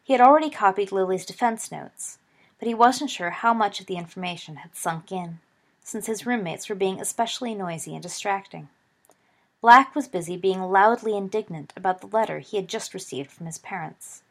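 A woman narrating a story aloud in a steady audiobook reading, giving the characters voices. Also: mid-range voice, moderate pace.

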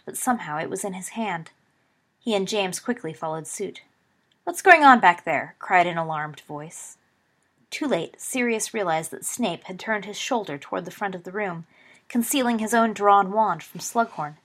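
A woman reading fan fiction aloud as an audiobook, in a steady storytelling manner. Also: medium pitch. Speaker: audiobook reader.

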